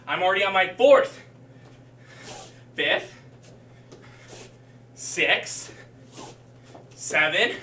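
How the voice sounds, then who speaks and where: A man's voice: high voice, sharp tone. A male martial arts instructor leading a live-streamed workout, counting reps and calling cues while he exercises, slightly out of breath. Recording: echoey room, mic far off, faint hum.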